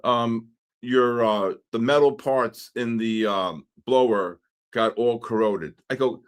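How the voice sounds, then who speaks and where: A man's voice: mid-range voice, slow pace, clear, resonant tone. A man hosting a live trading stream, chatting in a rambling, wisecracking way and telling stories between market calls. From New York. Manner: rambling, wisecracking, animated storytelling with asides to chat. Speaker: trading livestream host. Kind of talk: casual chat while trading live.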